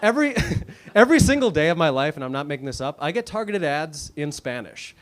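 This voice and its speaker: This stand-up is a man in his thirties from the United States, speaking a little fast in a sing-song voice that sits on the high side. Audience laughter follows his wry, self-mocking, chatty routine at the comedy club.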